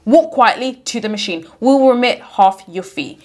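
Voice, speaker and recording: A stern hunting guide snaps out short orders, curt and in control, as a woman reads him in her own voice. It sounds like a calm read-aloud from a storybook. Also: a little high, normal speed, close to an everyday voice. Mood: commanding. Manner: curt, commanding imperatives.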